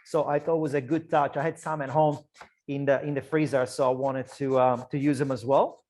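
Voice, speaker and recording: A man's voice: medium pitch, little pitch movement, fairly quick, a little mellow, a little hiss or hum. A man with an Italian accent, a chef chatting his way through an online cooking class, loose and talkative with frequent restarts. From Italy. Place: kitchen.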